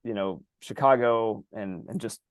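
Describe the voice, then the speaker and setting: A man's voice: on the low side, unhurried, smooth, dry recording, clean studio sound. A man co-hosting a podcast, talking casually in a rambling, profane, loose way. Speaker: podcast co-host.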